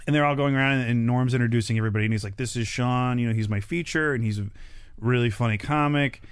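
A young man spins a long, excited story in casual conversation, packed with "like" and "uh." His voice sits in the middle range and sounds close and dry, with no room around it. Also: medium pitch, quick pace, clean tone, no room sound. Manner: animated, many fillers like "like" and "uh". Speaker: stand-up comic telling a story.

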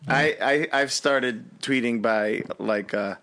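A man co-hosting a podcast in casual chat, excitable, laughing often and restarting his sentences. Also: medium pitch, slow. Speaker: podcast co-host.

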